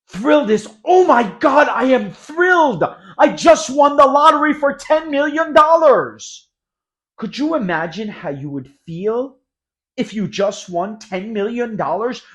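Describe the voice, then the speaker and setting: A man teaching English expressions, explaining each word in an energetic classroom manner and acting out the example sentences. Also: on the high side. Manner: animated, acts out example sentences.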